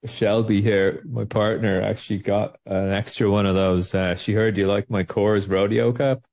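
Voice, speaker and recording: A man's voice: fairly low pitch, little pitch movement, moderate pace, a little mellow. A man co-hosting a trading show, chatting casually and jokingly about markets, rambling and laughing often. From Ireland.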